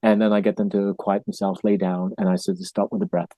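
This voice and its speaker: A man telling an earnest, emotional story as a podcast guest, sometimes dropping soft and low. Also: level tone, fast, hardly any pauses, no echo. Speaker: podcast guest, actor and workshop teacher. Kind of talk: casual storytelling.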